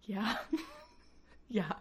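A woman co-hosting a podcast in casual chat, telling stories animatedly and laughing often. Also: extremely slow. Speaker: podcast co-host.

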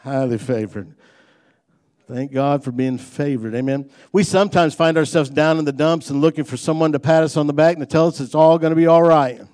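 A man's voice: a little high, fairly even intonation, fairly quick, few pauses, darkish tone. A man preaching a sermon in a folksy, conversational way, mixing jokes into his points and building emphasis on key lines. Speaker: pastor.

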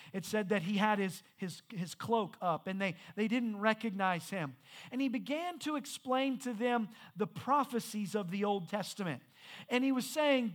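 Male pastor, strikingly high pitch; conversational sermon delivery that builds to emphatic peaks. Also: fairly bright tone. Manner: conversational, then rising to emphatic preaching with stumbles.

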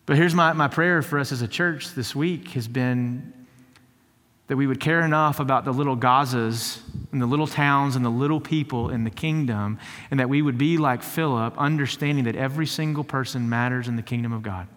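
Preaching with a long hall reverb around him, a man who serves as lead teaching pastor tells stories conversationally and builds toward fervent emphasis, often repeating words. His voice is mid-range and a bit bright, at a normal speed.

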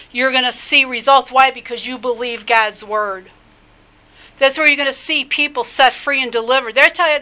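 Fervent high-voiced woman preaching. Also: pushed and bright, smooth, rough recording. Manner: fervent, exhorting, with many restarts and filler phrases. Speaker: rabbi preaching a podcast teaching. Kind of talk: sermon.

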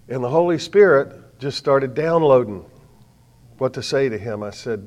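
A man's voice: medium pitch, expressive, moderate pace, muffled recording. Older man preaching a dramatic story. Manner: dramatic, swings from hushed to loud. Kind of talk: sermon storytelling.

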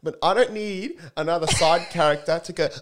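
A young man co-hosting a podcast, rambling through animated stories in casual, profane chat. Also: fairly high pitch, normal speed. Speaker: podcast co-host.

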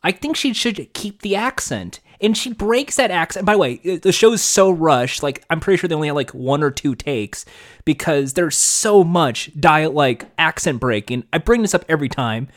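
A man with a somewhat high voice rants in casual podcast chat, animated and quick to swear. He talks fast and keeps going once he gets worked up. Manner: animated, ranting, swears freely. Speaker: podcast co-host.

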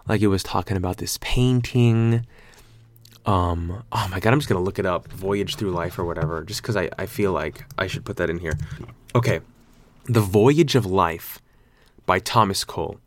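Low-voiced rambling young man. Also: no room sound, clean studio sound. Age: 20s. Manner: rambling, filler-heavy, loose slang. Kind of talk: casual monologue.

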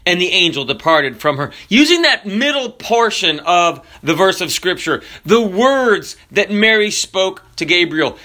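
A man preaching a sermon with jokes and animated storytelling. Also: high-pitched. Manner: animated, jokey storytelling with drawn-out emphasis.

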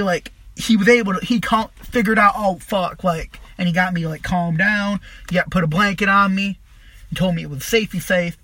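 A young man casually telling a long, profane, rambling story about his past, animated as he retells it. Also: sits high, no room sound.

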